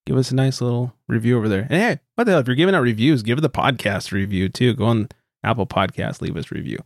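A man's voice: mid-range voice, expressive, fast talker, gravelly, no room sound, clean studio sound. A man hosting a beer podcast in loose, joking casual chat, swearing freely. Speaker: podcast host.

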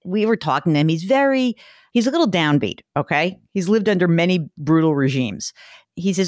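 A woman's voice: fairly low pitch, lively intonation, brisk, darkish tone, dry recording, studio quality. Blunt, ranting woman host. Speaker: radio show host. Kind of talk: radio call-in advice show.

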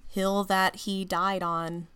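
Woman host, bright and very clear voice, measured casual narration. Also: mid-range voice, level tone. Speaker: podcast host.

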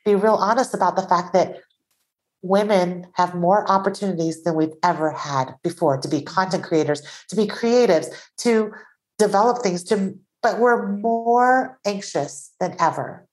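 A Taiwanese-born woman, an author and podcast guest, talking earnestly in an animated conversational way. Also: mid-range voice, a little slow, low-quality recording.

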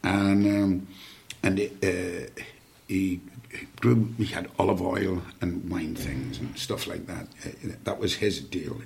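A man's voice: low voice, steady tone, slow pace, vocal fry, darkish tone. An older man telling long, rambling family stories as a podcast guest, full of fillers and restarts. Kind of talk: anecdotal storytelling.

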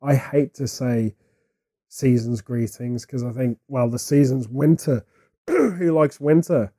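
Rambling, jokey man with a dark voice. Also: mid-range voice, measured pace, slightly rough. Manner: rambling, jokey, animated asides. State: has a cold. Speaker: podcast co-host. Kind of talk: casual podcast chat. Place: living in Japan.

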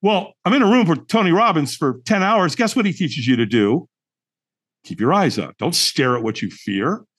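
A middle-aged man, a podcast guest, telling a personal story in an animated, emphatic way and acting out the dialogue. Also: on the high side, normal speed, husky. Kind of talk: storytelling in conversation.

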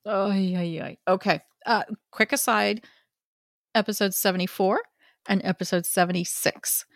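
A woman co-hosting a podcast in casual chat, reacting with drawn-out exclamations. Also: medium pitch, fairly even intonation, vocal fry, no room sound, clean studio sound. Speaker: podcast co-host.

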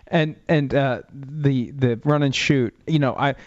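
A man hosting an interview, who asks long, measured questions. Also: medium pitch, no echo. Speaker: interview host. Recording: slightly dull, dry audio.

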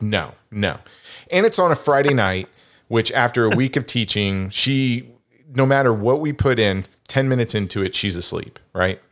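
A man's voice: fairly low pitch, a bit bright. A middle-aged man hosting a podcast in casual chat, rambling and often restarting his phrases. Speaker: podcast host.

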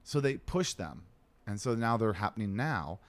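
A man's voice: fairly low pitch, normal speed. A man telling a story in casual chat, swearing freely and acting out the other people in it. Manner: animated, swearing, acts out other people's lines.

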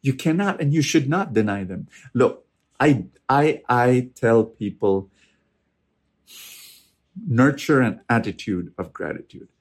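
A man's voice: medium pitch, animated, takes it slowly, long pauses. A man giving a conversational faith talk, earnest and emphatic, often repeating words as he stresses a point. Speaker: preacher answering audience questions.

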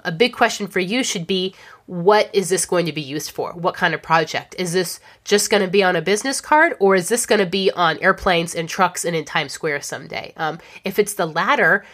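A woman giving a casual spoken lesson to creative freelancers, chatty and conversational, with many fillers and restarts, often checking in with a quick "okay?". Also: fairly low pitch, fairly bright tone. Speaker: instructor on pricing for creative freelancers.

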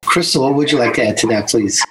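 A man's voice: medium pitch, quick pace, pushed and bright, slight background noise, low-quality recording. A man hosting an interview, upbeat and promotional as he steers the questions. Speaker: podcast host.

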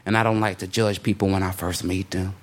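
A man doing a stand-up comedy set in a club, telling a story animatedly and acting out the people in it. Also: brisk. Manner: animated storytelling, acting out characters, swinging pitch. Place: comedy club stage with a laughing audience. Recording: live club recording with crowd laughter and noise.

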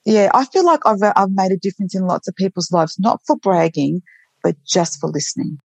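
A woman's voice: mid-range voice, a little fast, creaky, darkish tone, slightly rough, no room sound. A woman who works as a nurse, telling heartfelt stories from her work in an earnest, reflective way with frequent restarts. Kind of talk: reflective storytelling interview.

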